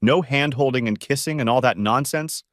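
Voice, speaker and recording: A man reading a story aloud, voicing a calm, thoughtful woman who asks probing questions. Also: medium pitch, no room sound, studio quality, pitched above the performer's own voice, close to an everyday voice. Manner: measured, probing.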